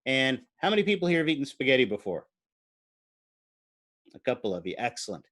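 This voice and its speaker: A man's voice: medium pitch, sing-song, fairly quick, fairly bright tone, no echo. Man lecturing on biology, dry sound. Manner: explains step by step while drawing on slides, thinks aloud; informal and playful, asks the class questions. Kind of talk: recorded college lecture.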